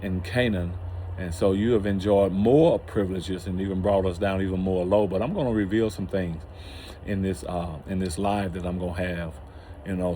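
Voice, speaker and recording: A man hosting his own channel, talking through a religious teaching in a casual, halting way with many restarts. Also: low voice, a little mellow, a little hiss or hum. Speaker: channel host.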